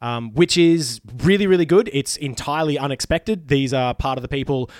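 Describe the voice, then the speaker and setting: A man in his thirties from Queensland with an Australian accent, hosting a podcast in casual chat, jokey and quick to laugh. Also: mid-range voice, a little mellow, dry recording, studio quality. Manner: laughs often, chatty and jokey, restarts sentences. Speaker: podcast host.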